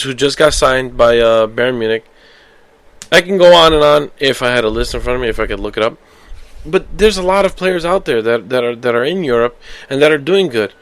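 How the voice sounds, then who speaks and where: A man hosting a casual solo soccer podcast, rambling and animated, flaring into heated outbursts. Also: medium pitch, dry recording. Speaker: podcast host.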